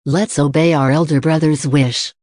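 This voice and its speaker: Quiet sorrowful woman, read by a narrator, restrained, dry sound. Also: deep voice, steady tone, moderate pace, no room sound, natural voice. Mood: sad. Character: grieving woman, gentle and sorrowful.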